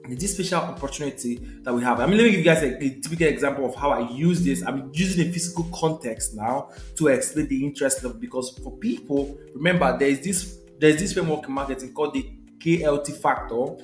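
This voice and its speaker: A man's voice: medium pitch, fast, echoey room, faint music behind. A young man, teaching a live sales session in a conversational way, repeating his key points and checking in with viewers. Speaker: sales trainer.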